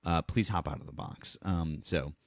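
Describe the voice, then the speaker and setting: A man with a very deep voice hosts a political live stream. He is blunt and combative and swears freely. The sound is dry and close. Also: normal speed, no echo.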